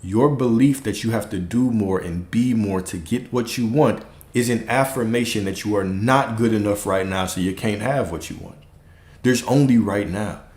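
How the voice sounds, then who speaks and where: A man giving a relaxed livestream spiritual talk as a coach, repeating points and checking in with rhetorical questions. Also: lowish voice, normal speed. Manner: relaxed, repetitive, checks in with "okay?". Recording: roomy echo.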